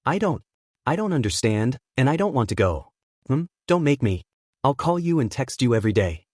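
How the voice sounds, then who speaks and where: A man's voice: mid-range voice, very animated, normal speed, a little mellow, no room sound, studio quality. A man voicing a frightened teenage boy in a fan story reading, pleading and distraught.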